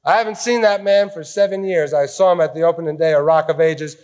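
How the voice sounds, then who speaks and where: High-voiced man preaching to a tent crowd. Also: quick pace. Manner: folksy, animated preaching with acted quotes. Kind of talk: sermon. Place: tent meeting.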